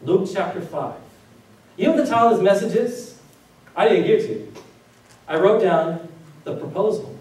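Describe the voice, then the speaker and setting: Man, pastor, sermon, rhetorical questions, slightly high voice, heavy room echo. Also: lively intonation, normal speed, long pauses, a little mellow. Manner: preaching with many rhetorical questions. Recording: very echoey room, voice from a distance.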